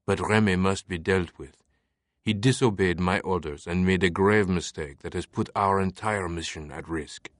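Audiobook villain: a male narrator doing a quiet, deliberate French-accented mastermind. Deep, dry read. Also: no room sound, lightly acted. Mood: hushed, commanding. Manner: hushed, low and deliberate, sometimes whispering. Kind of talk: audiobook character voice.

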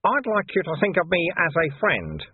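A man doing a calm, wily old sweeper. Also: fairly high pitch, normal speed, breathy edge, no echo, pitched above the performer's own voice, full character voice. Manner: calm, dryly teasing, knowing. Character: wily calm older male sweeper monk. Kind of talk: audiobook character voice. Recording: dry tinny phone-like sound.

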